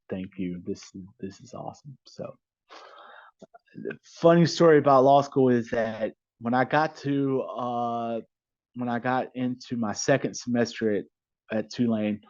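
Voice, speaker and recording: A middle-aged man, a maritime attorney and podcast guest, telling blunt, animated stories in casual conversation. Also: fairly low pitch, no room sound. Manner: blunt, animated anecdote teller. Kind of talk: casual storytelling interview. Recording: dull, slightly lo-fi dry sound.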